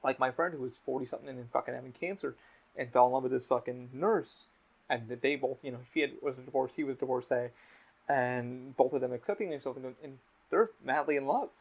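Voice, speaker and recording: A man's voice: mid-range voice, brisk, vocal fry, husky. A man hosting a podcast in casual chat, talking candidly and rambling, swearing a lot. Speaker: podcast host. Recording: dull lo-fi audio.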